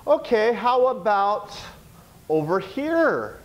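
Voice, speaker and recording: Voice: medium pitch, big pitch swings, slow, muffled recording, slight background noise. A teacher giving a classroom lesson, coaxing the students with question after question.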